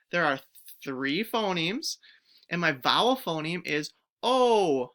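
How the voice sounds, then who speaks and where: A woman teacher giving a recorded phonics lesson to young pupils, stretching out each word sound clearly and encouraging the children to join in. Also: lowish voice, sing-song, slow pace, fairly bright tone. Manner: encouraging, speaks directly to children.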